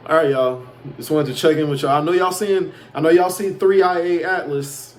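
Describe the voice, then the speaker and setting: A man's voice: fairly high pitch, a little hiss or hum. A man from Chicago boasting and ranting in a rambling casual monologue, swearing freely. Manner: boastful, profane, defiant. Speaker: self-proclaimed prophet vlogger.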